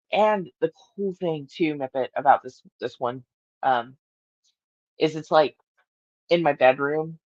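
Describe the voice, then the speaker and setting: A woman's voice: low voice, darkish tone, dry recording, dull audio. A woman hosting a casual morning livestream from her bedroom, rambling, laughing often and talking to her cat. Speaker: livestream host.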